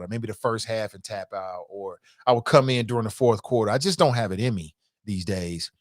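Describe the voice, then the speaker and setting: A man hosting a casual call-in talk show, reading out listener comments and reacting with emphatic, animated commentary and frequent repetition. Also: medium pitch, no room sound, studio quality. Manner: animated, emphatic, rises sharply when incredulous; conversational, repeats himself for emphasis.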